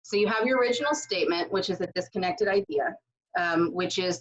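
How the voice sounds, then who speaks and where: A woman's voice: lowish voice, brisk. Chatty woman teaching writing, lo-fi. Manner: loose and conversational, with many fillers and asides. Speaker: writing instructor. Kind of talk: casual recorded lecture. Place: at home.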